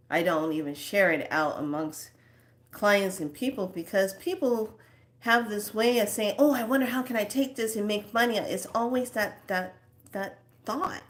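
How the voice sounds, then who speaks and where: Female host, slow unhurried delivery, lower voice, casual spiritual talk with quiet asides. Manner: slow, rambling, with soft asides.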